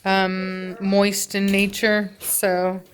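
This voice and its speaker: A woman's voice: medium pitch, completely flat delivery, very slow, clear, resonant tone. A woman in a casual home vlog, rambling with many fillers as she talks about her dogs, then giving firm short commands to a dog. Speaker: dog breeder and trainer. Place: home living room.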